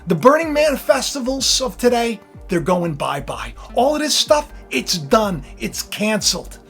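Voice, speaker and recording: A man with a worn, hoarse voice preaches scripture straight to his viewers. He drops to a near-murmur, then rises to loud, fervent bursts. Faint music plays underneath. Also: extremely high pitch, sing-song, measured pace. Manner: swings from quiet intimacy to loud fervor. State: hoarse, tired voice. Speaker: online preacher, channel host. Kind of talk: impassioned scripture preaching to camera.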